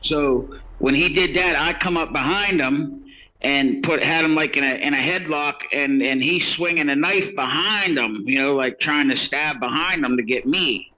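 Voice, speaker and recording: A man's voice: a little high, normal speed, pushed and bright, muffled recording. A man telling his own story in casual, rambling speech, acting out what others said. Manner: rambling, many restarts and quoted dialogue. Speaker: interviewee telling his case.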